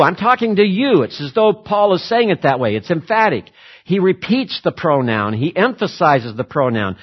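A man preaching with an emphatic, repetitive style, leaning hard on key words and racing through others. His voice is slightly high and husky, with lively swings in pitch. The recording sounds dull and lo-fi. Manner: emphatic, repeats words for stress, shifts between slow and rapid delivery. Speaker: pastor. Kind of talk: sermon.

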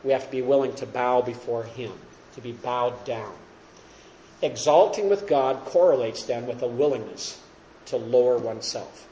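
A man leads a Bible study, walking his class through each verse and checking with them as he goes. His voice sits at an ordinary middle pitch. The room around him rings with a noticeable echo, like a classroom or church hall. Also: normal speed, warm tone, lo-fi sound, slight background noise. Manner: explanatory, asks class questions. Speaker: Bible teacher. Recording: roomy echo.

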